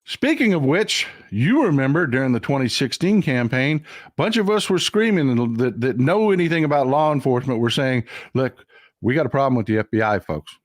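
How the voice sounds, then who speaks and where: A man's voice: mid-range voice, animated, a little fast, dry recording, studio quality. An older man hosting a casual livestream, talking bluntly and with profanity while he reads out and thanks viewers' comments. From Texas. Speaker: livestream host.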